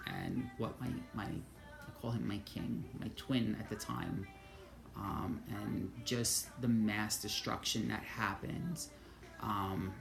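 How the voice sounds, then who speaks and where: A woman vlogger telling a spiritual story in casual, profane talk, moving between hushed and excited. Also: rumbling low, creaky, roomy sound.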